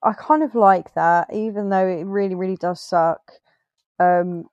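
A woman with a lowish voice rambles through her thoughts on a film, often backtracking and correcting herself. The recording is close and dry. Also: steady tone, moderate pace, a little mellow, dry recording, muffled recording. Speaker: podcast co-host. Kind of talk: casual film review chat.

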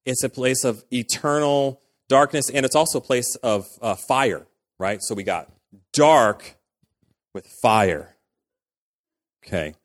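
A man's voice: mid-range voice, slow, pauses often. A man, likely a pastor, giving a casual, conversational sermon in a church, full of fillers and acted-out quotes.

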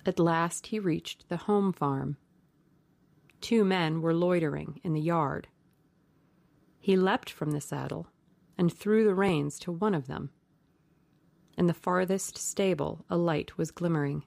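Gravelly woman reading a classic novel. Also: low voice, darkish tone, no room sound. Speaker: audiobook narrator. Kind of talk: scripted audiobook narration.

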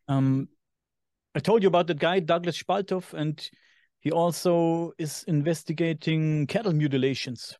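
A man with a German accent, co-hosting a podcast in casual chat and sometimes pausing to search for English words. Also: on the high side, fairly even intonation, a little mellow, no room sound, clean studio sound. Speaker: podcast co-host.

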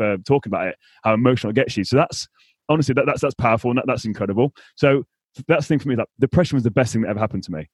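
A man's voice: medium pitch, dry recording, clean studio sound. A man hosting a podcast interview, blunt and emphatic, swearing freely in casual talk. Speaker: podcast host.

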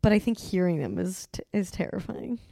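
A woman with a mid-range, gravelly voice talks hesitantly about her own struggles. She speaks openly, with pauses and restarts. The sound is dry and close. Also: lowish voice, animated, mellow, dry recording. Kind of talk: candid conversational chat.

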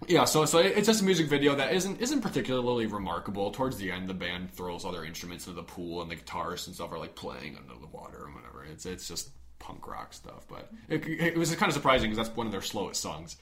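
A man's voice: deep voice, very animated, quick pace, fairly bright tone. A young man co-hosting a podcast, chatting casually and rambling with frequent restarts. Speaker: podcast co-host. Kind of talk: casual chat.

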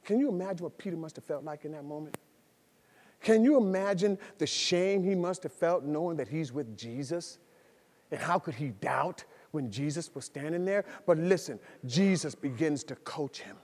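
A man preaching a sermon as pastor, swinging between soft storytelling and loud, excited delivery. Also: high-pitched, moderate pace, in a large hall. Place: church sanctuary.

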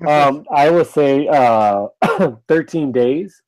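A man's voice: a little high, animated, very slow, darkish tone. A man in casual chat who talks with hesitations and repeated words.

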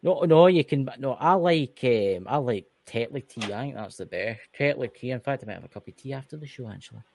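A man's voice: mid-range voice, expressive, fairly quick, vocal fry, hardly any pauses, noisy background. A Scottish man co-hosting a casual podcast, joking and rambling with plenty of swearing. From Scotland. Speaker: co-host.

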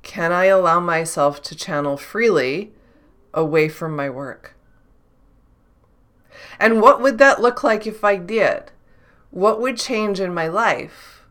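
Woman, intuitive channeler, solo reflective talk, bright clear tone, halting and self-questioning. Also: on the low side. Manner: thinks aloud, self-questioning, frequent restarts.

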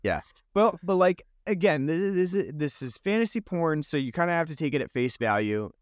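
Very animated and on the high side, this man co-hosts a podcast, talking at a normal speed. He casually and sarcastically reviews a holiday movie, often breaking off to restart phrases, in clean studio sound without room ambience.

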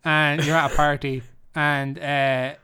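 A man's voice: a little high, level tone, slow, sharp tone, clean tone. Male co-host, casual, jokey and rambling, playful list-reading. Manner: jokey, rambling, reads lists with playful emphasis. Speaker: podcast co-host. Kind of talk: casual chat.

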